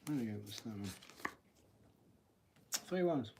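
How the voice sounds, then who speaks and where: A man giving a live-stream tarot reading, thinking aloud as he draws cards and often clearing his throat. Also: mid-range voice, lively intonation, a little slow, very noisy. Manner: musing aloud while drawing cards, frequent throat-clearing. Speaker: tarot reader.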